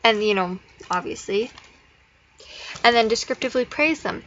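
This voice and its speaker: A woman's voice: on the high side, animated, fairly bright tone. Woman explaining speech practice, dull recording. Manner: casual, encouraging, slows into sing-song when modeling phrases. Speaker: speech therapy student demonstrating activities. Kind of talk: instructional explanation with modeled child-directed prompts. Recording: slightly dull audio with faint noise.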